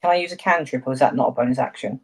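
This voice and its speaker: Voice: medium pitch, very fast, breathy edge, poor audio. A player at a tabletop role-playing game asking about rules and describing actions, often correcting themselves. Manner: hesitant, self-correcting, apologetic. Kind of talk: casual chat at a tabletop game.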